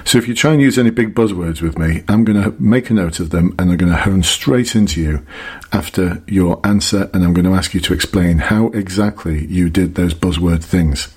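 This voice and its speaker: A man's voice: low voice, normal speed, darkish tone, husky. A middle-aged man giving emphatic, repetitive advice as an interview coach. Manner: emphatic, repeats key points. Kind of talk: instructional talk to camera.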